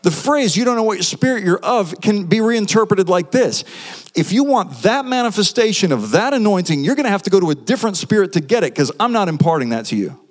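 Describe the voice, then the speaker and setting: Guy preaching in a big echoey hall, pretty high voice, animated, throws out questions. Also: fairly quick. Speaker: pastor. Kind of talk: sermon. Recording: long hall reverb.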